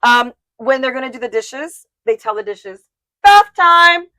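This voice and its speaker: A woman's voice: a little high, fairly even intonation, normal speed, pushed and bright, no echo. A woman co-hosting a casual chat show, talking in a chatty, rambling way with restarts. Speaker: co-host.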